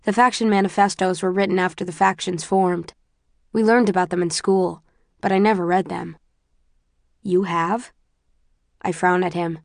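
A woman narrating a novel in the first person, with a measured, introspective and even delivery. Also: lowish voice, vocal fry, no echo, studio quality. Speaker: audiobook narrator.

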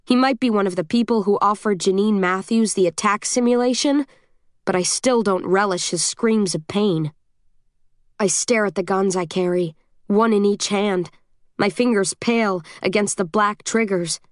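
A woman narrating a first-person audiobook in a steady, measured, tense way. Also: medium pitch, no echo, clean studio sound.

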